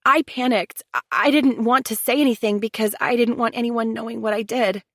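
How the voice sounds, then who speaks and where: A jittery young female assistant, pleading and apologetic, with a lifted, higher voice, as a woman narrator puts her on. The audiobook reading is dry and close. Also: fairly even intonation, fairly quick, a bit bright, no echo. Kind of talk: audiobook character voice.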